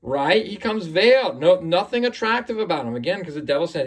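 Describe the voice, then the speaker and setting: A man with a somewhat high-pitched voice expounding scripture in a loose, conversational teaching style. He drives points home emphatically and keeps checking in with the listener. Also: sing-song, brisk, hardly any pauses, breathy edge. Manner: emphatic, repeats "right?" often. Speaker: Bible teacher. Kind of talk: informal religious teaching.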